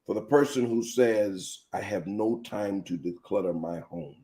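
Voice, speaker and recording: A man hosting a live teaching show as a pastor, telling animated personal stories and speaking straight to his viewers. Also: on the low side, unhurried.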